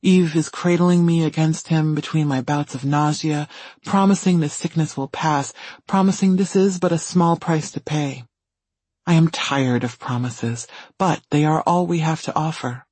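A man reading a first-person story in calm, even scripted narration. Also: a little high, moderate pace, breathy edge, no echo. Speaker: audiobook reader.

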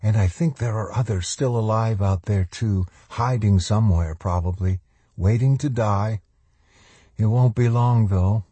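A man voicing a soft, pleasant-sounding young man who is quietly menacing, in an audiobook. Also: lowish voice, a little slow, slightly rough, no room sound, pitched above the performer's own voice. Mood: soft menace. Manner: soft and gently coaxing. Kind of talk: audiobook character voice.

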